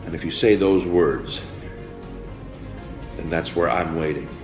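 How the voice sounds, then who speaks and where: Male motivational speaker, low voice, roomy sound, preachy and rousing by turns. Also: unhurried. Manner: preachy, repetitive, swings from hushed to rousing. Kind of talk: motivational speech. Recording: roomy with faint music behind.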